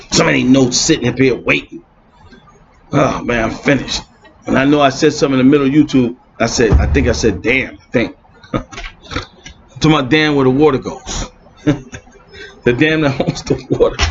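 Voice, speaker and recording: A man in an impassioned religious rant, streetwise and mocking, swinging between shouting and muttering. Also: a little high. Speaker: religious video blogger. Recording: muffled lo-fi with faint hiss.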